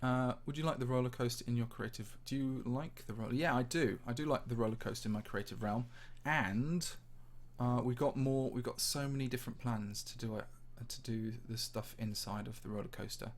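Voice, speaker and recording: A man's voice: mid-range voice, brisk. A man with a slightly posh English accent, casually chatting and answering viewer questions as he tours a game map. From English Midlands. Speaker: Minecraft channel host. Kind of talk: casual livestream chat while touring a game map.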